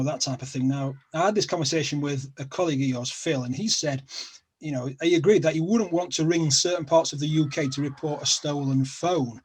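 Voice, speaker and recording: Husky-voiced South Yorkshire man chatting. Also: on the high side, darkish tone, poor audio. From Sheffield, South Yorkshire, England. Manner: chatty, rambling, self-deprecating humor. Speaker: guest. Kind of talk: casual chat.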